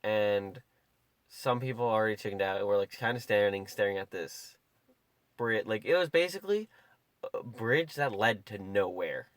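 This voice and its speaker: A young man with a fairly low voice rambles through stories in casual podcast chat, filling his talk with "like". His voice is recorded close and dry, with no room sound. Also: lively intonation, normal speed, dry recording. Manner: rambling, filler-heavy storytelling with many "like"s. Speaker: podcast co-host.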